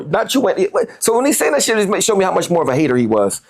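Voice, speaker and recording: A man's voice: sits high, sing-song, fast talker, few pauses. A man, a guest on a podcast interview, talking heatedly and profanely and repeating words as he gets worked up.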